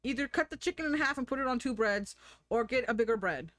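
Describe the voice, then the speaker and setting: A woman's voice: fairly high pitch, animated, quick pace, fairly bright tone, no echo, clean studio sound. Giggly American woman streamer. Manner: chatty, giggly, thinks aloud. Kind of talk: casual live-stream chat.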